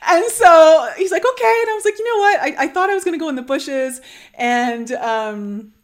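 A young woman with a bright, high voice tells a deeply personal story in an earnest, animated way. She leans on casual fillers and lets her emotion show as she talks. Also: normal speed. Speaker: channel host sharing a personal story.

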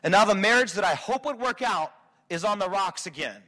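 High, bright-voiced preaching man. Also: expressive, fairly quick. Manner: dynamic preaching, swings between quiet and shouting. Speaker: pastor. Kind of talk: sermon.

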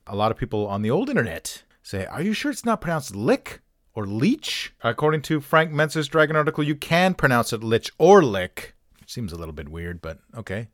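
A man's voice: mid-range voice, no echo, studio quality. A man hosting a pronunciation channel, talking casually with wry, offhand jokes and self-mocking asides. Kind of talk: casual talk-through with jokes.

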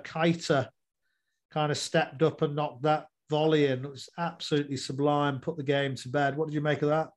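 A man's voice: fairly high pitch, darkish tone. Rambling man chatting football. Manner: rambling, many fillers and restarts. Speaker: podcast host. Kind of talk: casual football chat.

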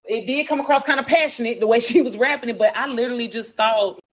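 A woman chatting on a casual podcast, spinning celebrity gossip and jumping into other people's voices as she tells it. Her voice sits a little high, and she swears freely. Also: fast, breathy edge. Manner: animated storytelling, acting out quotes, heavy profanity. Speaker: podcast co-host.

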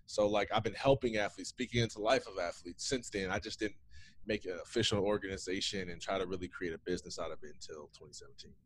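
A man in his thirties with a deep, slightly bright voice and a breathy edge talks fast. A former athlete turned founder, he's a guest in a casual interview, recounting his story with lots of "man" and "um" fillers.

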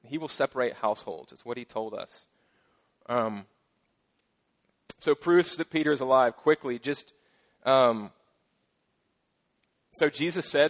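A middle-aged man preaching a sermon as pastor, casual and playful with joking asides and lively emphasis. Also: mid-range voice, moderate pace, pauses often.

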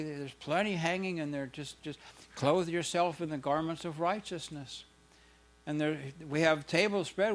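A man voicing a kind, wealthy husband who gently welcomes his wife home. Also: fairly high pitch, lightly acted. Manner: tender, soothing.

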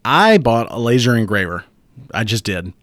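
A man co-hosting a podcast, chatting casually and telling animated stories with frequent laughter. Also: mid-range voice, moderate pace, no room sound. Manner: animated storyteller, laughs often. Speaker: podcast co-host. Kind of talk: casual chat.

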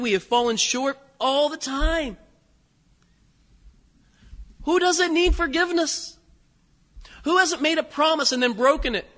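A man preaching a sermon to a congregation in an animated, conversational way. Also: extremely high pitch. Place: church sanctuary. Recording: hall reverb.

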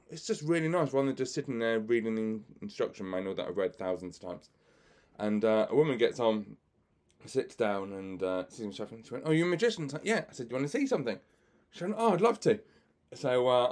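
A magician hosting a podcast tells chatty anecdotes, laughing frequently and using lots of fillers. His voice is on the low side and a little mellow, and he acts out other people's lines in his stories.

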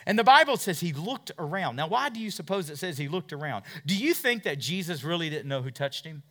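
A man preaching a sermon and retelling scripture stories, swinging from loud, urgent passages to hushed asides and asking his listeners question after question. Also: on the high side, sing-song, a little fast. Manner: asks the listeners many questions.

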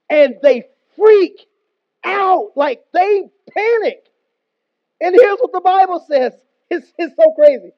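A man's voice: very high voice, animated, moderate pace, no room sound. A man preaching a sermon in an emphatic, conversational way with slangy asides. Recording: dull, dry close recording.

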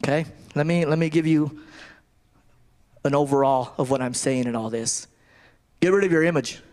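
A man's voice: fairly high pitch, moderate pace, darkish tone, smooth. A man giving a conversational sermon, often repeating and restarting his phrases. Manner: conversational preaching with repetitions and restarts. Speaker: preacher.

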